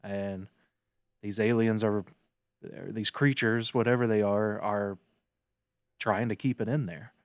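A man's voice: fairly low pitch, steady tone, measured pace, long pauses, no echo, clean studio sound. A man co-hosting a podcast in casual chat, musing and speculating as he talks. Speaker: podcast co-host.

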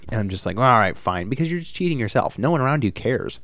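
A young man co-hosting a podcast tells a story in casual chat, rattling it off rapid-fire in a mid-range voice. He's animated and acts out the voices of the people he quotes. The recording is dry and studio quality.

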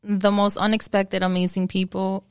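A woman's voice: mid-range voice, level tone, normal speed, clean tone. A woman hosting a podcast, talking casually and earnestly, swearing freely and dropping in Spanish words. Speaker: podcast host.

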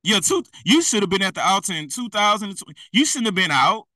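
A man's voice: sits high, very animated, fairly quick, hardly any pauses, bright, forceful tone, no echo, distant mic, low-quality recording. A man preaching in a blunt, slangy, exhorting way, often laughing at himself. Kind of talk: fiery street-style preaching.

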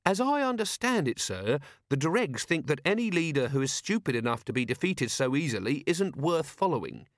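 A man's voice: fairly high pitch, sing-song, normal speed, few pauses, no echo, clean studio sound, pitched above the performer's own voice. A man voicing an earnest, polite young male watch captain for an audiobook, eager and respectful, always adding "sir". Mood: dutiful. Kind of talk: audiobook character voice.

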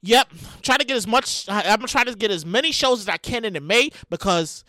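A high-pitched man hosts a solo podcast into his microphone at home, swinging his voice wildly up and down as he rambles and bursts into shouts. His tone is bright and sharp, and the room sound is close and dry. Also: lively intonation, fairly quick, no echo. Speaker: podcast host.

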